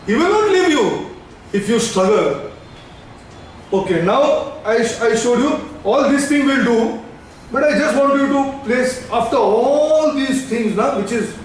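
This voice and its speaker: A man's voice: high voice, slight background noise. A man, preaching emphatically, repeating lines and slipping into Hindi. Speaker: pastor. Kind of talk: sermon. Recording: echoey hall, voice from a distance.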